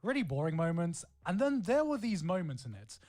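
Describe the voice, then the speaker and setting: A man's voice: high voice, big pitch swings, fairly quick, dark tone. A man in casual chat, rambling and often repeating and restarting his words.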